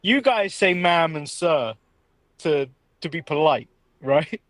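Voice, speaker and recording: A man's voice: fairly high pitch, lively intonation, slow, fairly bright tone, no echo. A man with an English accent co-hosting a casual wrestling chat show, laughing often and rambling. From England. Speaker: podcast co-host.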